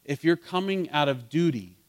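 A man's voice: on the high side, expressive, normal speed. Conversational man preaching a Bible study. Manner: conversational, asks the group questions, builds to fervent emphasis. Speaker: pastor teaching a Bible study. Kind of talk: interactive sermon.

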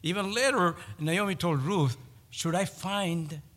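A man's voice: sits high, fairly bright tone, long reverb tail. A man preaching a sermon, telling a story and repeating his key points with emphasis. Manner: storytelling, with pauses and emphatic repetition.

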